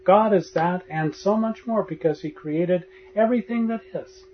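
A man giving a meditation talk as a spiritual teacher, telling a parable in a gentle storytelling manner and acting out the voices in it. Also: sits high, moderate pace, a little hiss or hum. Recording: dull lo-fi recording.

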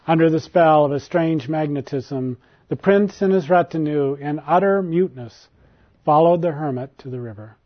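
A man narrating a formal storybook tale in a measured way. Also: a little high. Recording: dull lo-fi recording.

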